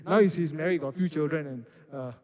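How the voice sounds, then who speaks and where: A man's voice: fairly high pitch, quick pace. A man who preaches to youth and acts out the quotes in his stories. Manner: animated storytelling with acted-out quotes. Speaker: youth pastor. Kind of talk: sermon. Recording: reverberant hall.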